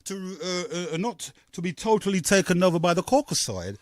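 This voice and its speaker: A man from hosting a call-in radio talk show, rambling and halting with many fillers. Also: sits high, very animated.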